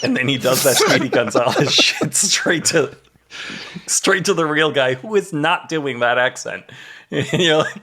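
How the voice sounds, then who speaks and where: Bright-voiced man recapping a TV plot. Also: mid-range voice, moderate pace. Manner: animated storytelling, laughs at own jokes. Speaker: podcast co-host recapping an episode. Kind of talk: casual comedic chat.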